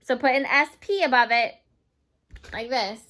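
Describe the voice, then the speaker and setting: Lady teacher going over plurals real slow, bright voice, patient, keeps repeating words. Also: on the high side. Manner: slips into Spanish glosses. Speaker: English teacher. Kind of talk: grammar lesson for Spanish-speaking kids.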